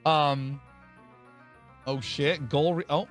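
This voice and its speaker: A man's voice: on the high side, steady tone, slow, faint music behind. A man streaming a game, rambling casually, explaining the game and thanking viewers by name with the odd curse. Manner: casual swearing. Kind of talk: casual live-stream chat.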